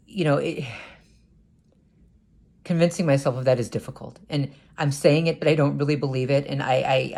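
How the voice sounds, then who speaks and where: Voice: medium pitch, creaky, a little mellow. An adult talking through a personal confessional vlog, hesitant and stammering, with many restarts and repeated words. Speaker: vlogger.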